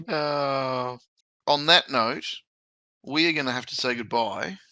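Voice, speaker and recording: Bright-voiced Australian man hosting. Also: medium pitch, no room sound, poor audio. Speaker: podcast host. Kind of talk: casual podcast chat.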